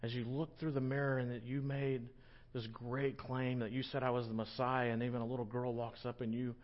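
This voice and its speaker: A man voicing an adult male Jesus who asks softly and earnestly. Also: high voice, muffled recording, pitched above the performer's own voice.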